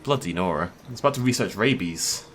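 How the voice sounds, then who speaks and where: A man's voice: deep voice, lively intonation, brisk, a bit bright, a little hiss or hum. A man giving casual gameplay commentary as a YouTuber, chatty and joking, laughing often. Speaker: gaming YouTuber.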